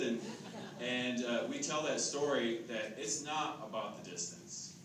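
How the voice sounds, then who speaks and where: A man telling a lively, chatty story as captain of a charity ride team. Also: medium pitch, moderate pace. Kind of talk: casual storytelling to a camera. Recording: echoey, distant, noisy crowd.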